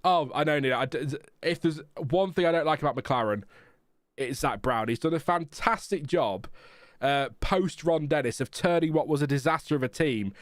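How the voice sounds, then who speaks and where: A man's voice: fairly high pitch, normal speed, dry recording, clean studio sound. A man hosting a casual live watchalong stream, chatting frankly and rambling with fillers. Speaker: livestream host.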